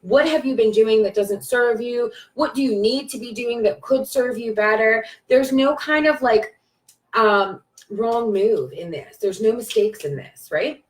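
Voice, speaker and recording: A woman's voice: fairly high pitch, a little slow. A woman giving a casual spiritual pep talk on a live video, emphatic and repetitive, with bursts of cheering and swearing. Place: at home, on a live stream. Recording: roomy echo from a distance.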